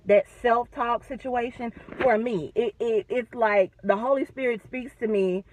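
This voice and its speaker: A woman talking in a casual faith vlog from her car, animated and chatty with self-deprecating humor. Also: a little high, a little slow, slight background noise, low-quality recording. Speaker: vlogger.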